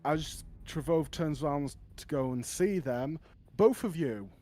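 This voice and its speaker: A man's voice: a little high, expressive, measured pace, mellow, soft background music. A man running a tabletop game as dungeon master, narrating casually and thinking aloud while he works out the rules. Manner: laughs often, thinks aloud while counting.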